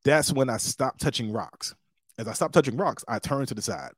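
Man, podcast host, casual storytelling, animated, mid-pitched voice, dry close sound. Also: normal speed, creaky, no room sound. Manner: animated, acts out quotes with big pitch jumps.

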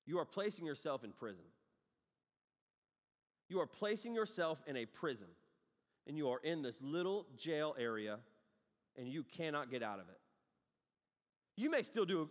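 A man, preaching a sermon in an animated storytelling way, swinging between loud outbursts and quiet asides. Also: a little high. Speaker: pastor. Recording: long hall reverb.

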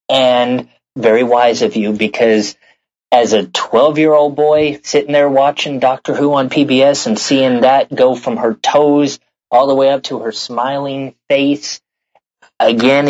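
A man's voice: medium pitch, darkish tone, muffled recording. A man on a podcast panel, chatty and eager, telling stories to back his vote. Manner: chatty, enthusiastic storyteller. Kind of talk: casual panel chat.

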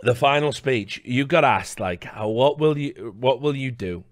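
A man's voice: medium pitch, unhurried, dry recording, clean studio sound. A man hosting a live stream, rambling through casual reaction commentary with lots of swearing and laughing asides.

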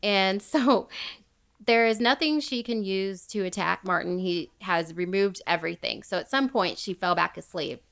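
A woman's voice: medium pitch, normal speed, creaky, fairly bright tone. A woman hosting a casual podcast, retelling a true crime story in a chatty way and laughing often. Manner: chatty, laughs often, quotes people as she tells.

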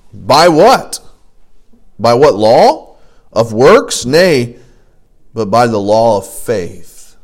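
A man teaching an adult Bible study, lively and animated, often acting out quoted voices. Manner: animated, acts out quoted voices with rising pitch.

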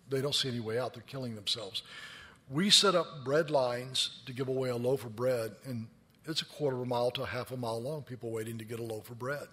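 A man's voice: medium pitch, fairly bright tone, slightly rough. A middle-aged man preaching a sermon, telling a personal story and often calling the congregation "guys". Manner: storytelling, addresses the audience as guys. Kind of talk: sermon testimony.

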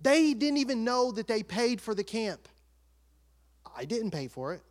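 Middle-aged man, pastor preaching in a lively storytelling style, drops to near-whispers and rises to loud bursts. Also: very high voice, unhurried. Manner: animated, swings from hushed asides to loud emotional outbursts. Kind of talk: storytelling sermon.

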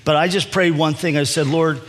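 A man's voice: a little high, steady tone, fairly quick, a bit bright. A man in his sixties, a pastor telling a story in a sermon, often restarting and repeating words as he goes. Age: 60s. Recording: long hall reverb.

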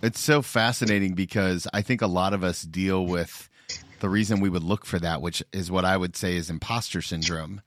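A man's voice: sits low, fairly even intonation, moderate pace, fairly bright tone, dry recording. A man hosting a podcast interview, asking searching questions with frequent stumbles. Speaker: podcast host. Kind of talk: interview conversation.

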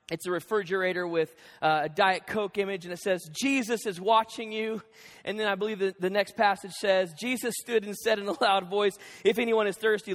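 High, bright-voiced pastor preaching in a hall. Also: male voice. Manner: animated, joking, acts out quoted voices. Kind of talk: sermon. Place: church auditorium. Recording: long hall reverb.

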